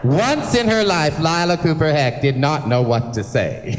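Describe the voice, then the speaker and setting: A man's voice: fairly high pitch, sing-song, normal speed, few pauses. A man working as master of ceremonies at a live benefit concert, chatty and gushing, teasing himself and throwing in playful swearing. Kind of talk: live stage emceeing. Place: large theatre stage. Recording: long theatre reverb, faint background noise.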